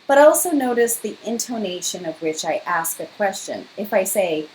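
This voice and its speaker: A woman's voice: mid-range voice, animated, normal speed, few pauses, a little mellow, a little hiss or hum, low-quality recording. A woman giving a classroom lecture, explaining step by step and acting out example questions. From not from Liberia.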